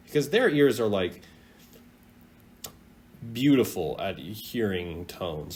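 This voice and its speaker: A man teaching a casual video language lesson, chatty and animated, drawing out sounds as he demonstrates them. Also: lowish voice. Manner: lively, chatty, drawn-out demonstration of tones.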